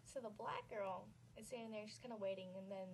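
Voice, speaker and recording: A woman's voice: mid-range voice, fairly even intonation, fairly quick, creaky, slight background noise, low-quality recording. Chatty young woman telling a story. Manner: chatty, says "like" constantly. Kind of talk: casual storytelling.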